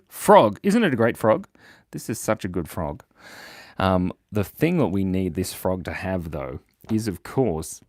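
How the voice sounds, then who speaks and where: A playful man runs a live drawing lesson for kids, reading chat aloud and cracking jokes as he sketches. His voice swings lively up and down. The sound is dry and close. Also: on the low side, dry recording. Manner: playful, jokey, animated, reads chat aloud. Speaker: drawing show host.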